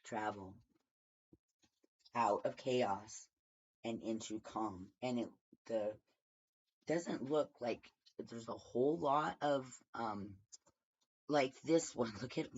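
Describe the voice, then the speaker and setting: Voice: medium pitch, takes it slowly, long pauses, slightly rough. A tarot reader giving a casual daily reading from home, rambling and thinking aloud with many fillers. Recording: dull lo-fi recording.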